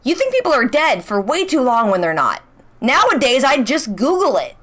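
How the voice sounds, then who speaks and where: A young woman with a slightly high-pitched voice rattles off a casual recap of a show. She talks in a chatty, excitable way, tossing in rhetorical questions as she goes. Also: moderate pace. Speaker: reaction channel host.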